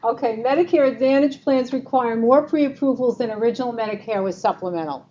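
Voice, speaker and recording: A woman's voice: a little high, brisk, warm tone. A woman with a New York accent presenting a Medicare seminar, talking casually and quizzing the audience. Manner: chatty, quizzes the audience with true-or-false questions. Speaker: Medicare advisor presenting a talk. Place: meeting room with a live audience. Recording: slightly muffled recording, faint room noise.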